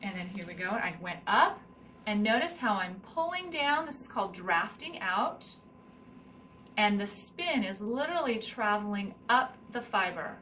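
A woman's voice: medium pitch, expressive, measured pace, pushed and bright. A middle-aged woman teaching hand spinning, explaining each step while she demonstrates with her hands. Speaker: spinning instructor. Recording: slightly distant mic with faint room noise.

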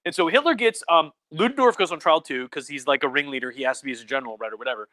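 A man's voice: on the high side, rapid-fire, sharp tone, no echo. A tipsy male professor giving a rambling, casual livestream lecture at home, full of fillers and mock voices for quotes. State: drinking, tipsy.

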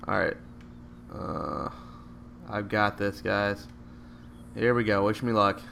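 A man with a fairly low voice commentates a video game live, chatty and playful. He jokes around and yelps at good or bad shots, with a faint hiss behind him. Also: slow pace, creaky. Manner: excitable, joking, bursts out at shots. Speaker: gameplay commentator.

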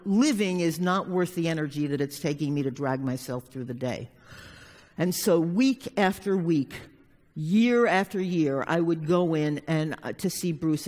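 A woman therapist telling a personal story to a live audience, frank and plainspoken, now and then swearing. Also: on the low side. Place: conference hall. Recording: long hall reverb.

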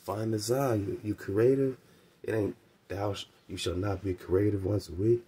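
A man's voice: on the low side, steady tone, normal speed, warm tone, husky. A man hosting a radio show, teaching about religion in casual slang, with emphatic repetition and laughing asides. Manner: slangy, emphatic, repeats phrases. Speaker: radio host.

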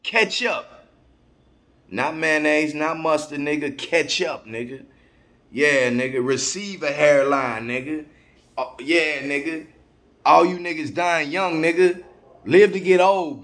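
A travel vlogger in his forties rants angrily straight into the camera, confrontational and heavily profane, leaning hard on repeated slang. His voice is fairly high and fairly bright, and he keeps a measured pace.

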